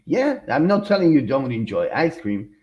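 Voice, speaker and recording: A man co-hosting a podcast, chatting casually in an animated, rambling way, often restarting his sentences and laughing. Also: mid-range voice, moderate pace, dull audio. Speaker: podcast co-host. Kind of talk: casual chat.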